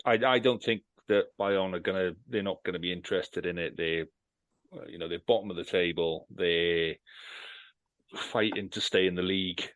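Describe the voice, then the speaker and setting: A man's voice: low-pitched, moderate pace, fairly bright tone, no echo, dull audio. A man hosting a rugby podcast, chatting casually, joking and swearing freely as he runs through predictions. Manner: jokey banter, runs the segments, swears freely. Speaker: podcast host. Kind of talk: casual chat.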